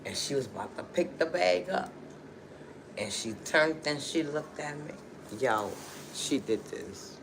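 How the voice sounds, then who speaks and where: Chatty woman telling a story, slow. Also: low-pitched, expressive, gravelly, background noise. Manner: chatty, emotional, lots of "you know" and "okay". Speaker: livestream host. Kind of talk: casual storytelling to viewers.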